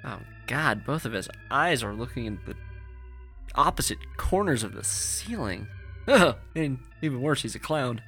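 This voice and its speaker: A man narrating a horror story in a measured, deadpan way. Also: medium pitch, faint music behind. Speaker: narrator and player.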